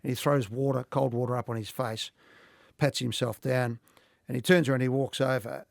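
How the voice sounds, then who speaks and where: A middle-aged Australian man, a podcast guest, telling animated anecdotes in casual talk and laughing often. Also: medium pitch, moderate pace, creaky, dry recording, clean studio sound. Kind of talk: casual storytelling.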